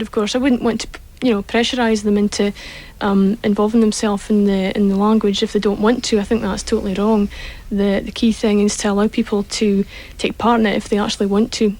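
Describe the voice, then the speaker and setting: A woman's voice: mid-range voice, little pitch movement, fairly quick, darkish tone, low-quality recording. A young woman talking on a radio panel, hesitant with many ums. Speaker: panel guest.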